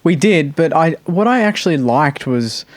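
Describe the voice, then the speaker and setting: A man's voice: a little high, normal speed, dry recording. A young Australian man co-hosting a sports podcast, telling stories animatedly and laughing often. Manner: animated storyteller, acts out quotes, laughs often. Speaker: podcast co-host. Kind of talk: casual chat.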